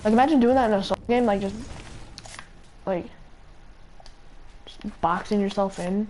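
Young girl streaming a game, rambly, says like constantly, kinda hoarse voice, little hiss and clicks behind her. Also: medium pitch, moderate pace, darkish tone. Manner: rambling, self-mocking, peppered with "like". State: voice going hoarse and odd. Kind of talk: casual live-stream chatter while gaming.

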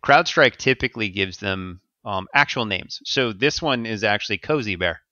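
A man's voice: fairly low pitch, animated, normal speed, bright, forceful tone, no echo, dull audio. A man co-hosting a podcast, explaining security news casually with fillers and easy laughs. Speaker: podcast co-host.

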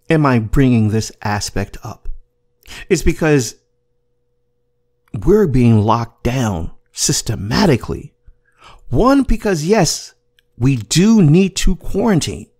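A man hosting his own show, talking in an emphatic, swearing monologue. His pitch swings widely as he presses his points, often repeating himself. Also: very animated, measured pace, long pauses, a little mellow. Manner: emphatic, repetitive, profane. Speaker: podcast host. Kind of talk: casual commentary monologue.

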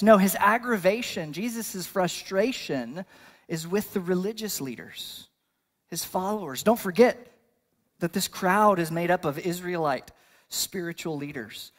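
A man's voice: sits high, measured pace. A male pastor delivering a sermon in a conversational style, building to bursts of emphasis.

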